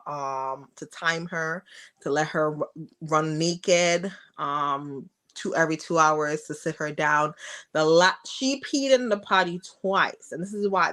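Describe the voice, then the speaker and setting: A woman on a podcast talking frankly about being a mother of a toddler, acting out her talks with her daughter in a raised voice. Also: fairly bright tone. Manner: frank, acts out dialogue with her daughter in a high voice. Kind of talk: casual interview storytelling.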